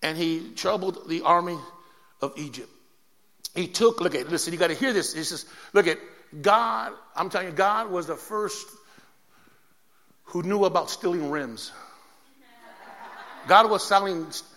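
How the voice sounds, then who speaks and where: A man preaching a sermon, telling a story with lively, laughing energy. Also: sits high, measured pace, pauses often, big-room sound. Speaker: pastor.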